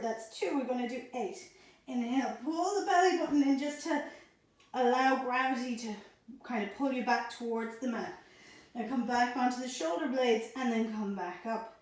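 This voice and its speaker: Woman coaching pilates in an echoey room. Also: fairly high pitch. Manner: calm, encouraging, counts breaths and cues. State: slightly out of breath. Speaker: pilates instructor. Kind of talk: guided workout instruction.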